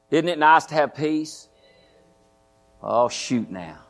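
A man's voice: mid-range voice, animated, measured pace, pauses often. A man preaching a sermon as pastor, folksy and repetitive, often asking his congregation questions. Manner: folksy, repeats phrases, asks the congregation questions.

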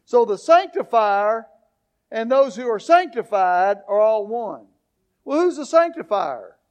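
A man preaching a sermon as pastor, building to emphatic questions and drawn-out lines. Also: sits high, sing-song, clear, resonant tone. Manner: preaching, rising to emphatic questions, slow deliberate phrasing.

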